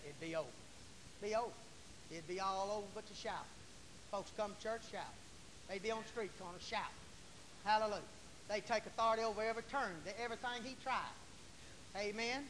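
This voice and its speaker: A male Pentecostal preacher, folksy and fiery, preaching a sermon in church and shouting hallelujahs. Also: high-pitched, fairly quick, long pauses. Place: church sanctuary. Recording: long church reverb, faint hiss.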